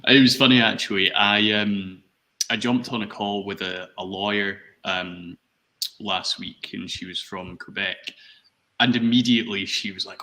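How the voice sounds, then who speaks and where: Scottish guy on a team livestream, kinda low but really bright voice, easygoing. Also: flat delivery, moderate pace. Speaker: team member. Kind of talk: casual livestream chat.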